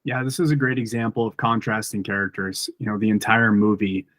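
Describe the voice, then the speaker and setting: A man's voice: on the low side, steady tone, fairly quick, fairly bright tone, dry recording. A man co-hosting a film podcast, speaking steadily and guiding the conversation. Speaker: podcast co-host. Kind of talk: casual film discussion.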